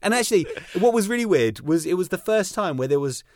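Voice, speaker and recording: Animated British man telling a story. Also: high voice, brisk, no echo. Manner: animated storyteller, acts out voices. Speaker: podcast co-host. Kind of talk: casual chat.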